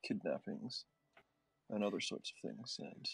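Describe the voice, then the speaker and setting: A man playing his character in a tabletop game, speaking in a measured, formal way. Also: fairly low pitch, animated, gravelly, a bit bright, husky. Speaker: player.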